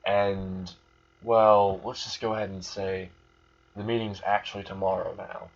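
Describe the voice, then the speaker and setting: A man voicing a stern male demon lord who delivers grave news in a flat, matter-of-fact way. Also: sits low, unhurried. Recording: muffled lo-fi recording.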